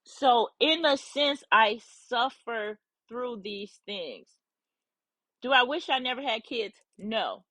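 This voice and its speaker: A woman's voice: fairly high pitch, animated, slow, pushed and bright, dry recording. A middle-aged woman, a mother, talking bluntly and candidly in a personal vlog, swearing freely.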